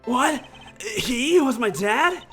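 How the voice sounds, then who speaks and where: A man's voice: sits high, lively intonation, measured pace, bright, forceful tone, soft background music, heavily acted. A man voicing a shocked young man in a video game who speaks emphatically. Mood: stunned.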